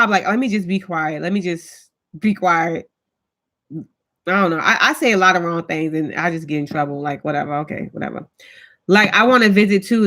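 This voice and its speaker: A woman in her thirties chatting casually with her viewers as a vlogger, telling stories in an animated, colloquial way. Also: mid-range voice. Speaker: vlogger host.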